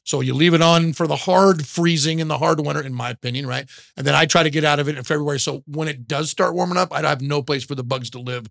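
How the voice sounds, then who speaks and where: Quick, gravelly male grower, blunt and rambling, podcast guest. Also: on the high side, a bit bright, no room sound, clean studio sound. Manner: blunt, rambling, swears casually. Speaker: nursery grower. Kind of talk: casual podcast chat. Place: podcast studio.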